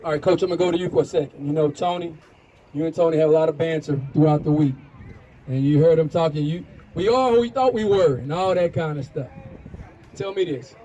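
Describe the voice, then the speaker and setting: A man's voice: a little high, fairly quick, mellow, a little hiss or hum, rough recording. A man hosting a youth football show, interviewing players and coaches outdoors at a field with upbeat, punchy promoter's hype. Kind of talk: sideline interview after a game.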